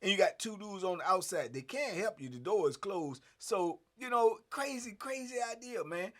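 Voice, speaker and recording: A middle-aged man telling a story in casual streetwise slang, animated and acting out the scenes. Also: high-pitched, normal speed.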